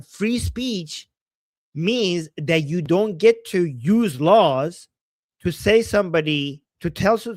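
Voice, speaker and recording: A man hosting a casual livestream, reading viewer chat and reacting heatedly to clips, swearing freely and swinging from soft asides to loud outbursts. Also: fairly high pitch, dry recording, clean studio sound. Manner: reads viewer chat aloud.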